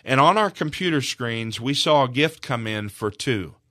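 A man's voice: medium pitch, animated, moderate pace, a bit bright, no echo, clean studio sound. A man speaking as a guest on a charity radio broadcast, telling a heartfelt story in an earnest, emotional way with frequent restarts.

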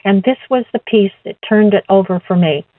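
A woman giving an earnest personal faith testimony as an interview guest, halting and repeating words as she goes. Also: mid-range voice, no room sound. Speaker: guest sharing her testimony. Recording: tinny phone line, dry.

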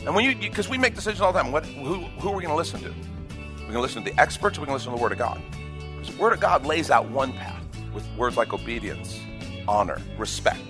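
A man preaching a sermon as pastor, animated, acting out little voices. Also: medium pitch, fast, over music.

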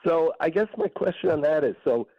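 A man's voice: a little high, animated, fairly quick, dry recording, lo-fi sound. A man calling in to a radio show with a question, hesitant and searching for his words. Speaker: caller. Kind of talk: phone-in question.

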